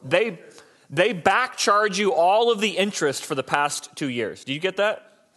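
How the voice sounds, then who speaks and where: A man's voice: sits high, animated, measured pace, fairly bright tone. A man preaching a conversational, joking sermon, often restarting his sentences mid-thought. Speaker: pastor.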